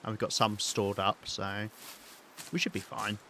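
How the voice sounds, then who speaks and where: Low-voiced British man thinking aloud. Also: level tone, a little slow, creaky, sharp tone, a little hiss or hum. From Britain. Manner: rambling, thinking aloud with many ums and restarts. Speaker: game streamer. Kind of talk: live gameplay commentary.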